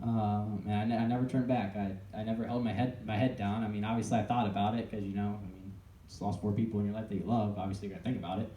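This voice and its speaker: A young man tells his own story to a live audience, halting often and starting his sentences over. His voice is low and very dark. It sounds distant, as if recorded from across a reverberant room. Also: level tone, a little hiss or hum. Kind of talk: personal testimony to a live audience. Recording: echoey room, voice picked up from a distance.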